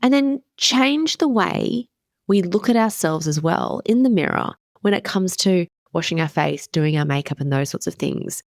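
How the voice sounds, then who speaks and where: A woman in her thirties talks as a podcast coach, candid and emphatic and happy to swear. Her voice sits low with a gravelly fry running through it. The sound is close and dry, with no room around it. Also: lively intonation, moderate pace, dry recording. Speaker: podcast host and wellness coach. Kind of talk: casual motivational podcast talk.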